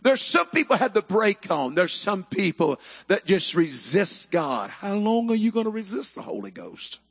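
Male preacher, high and bright, fervent, bursts into shouts; big echoing hall. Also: sing-song, moderate pace, vocal fry, slightly rough. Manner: fervent, swings into shouted emphasis. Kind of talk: sermon. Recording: echoey hall.

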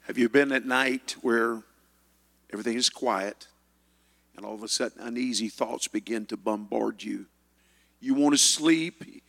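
A man with a high voice preaches in a church sanctuary with a long reverb trailing each line. His delivery is fervent, and he repeats words as he prays. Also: vocal fry, fairly bright tone. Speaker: pastor. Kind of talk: sermon and spoken prayer.

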